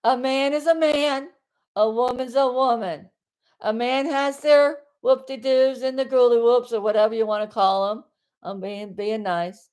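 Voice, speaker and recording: A woman from South Florida ranting loudly on a live stream from her bedroom, rambling and exasperated, with bursts of yelling. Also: on the high side, steady tone, unhurried.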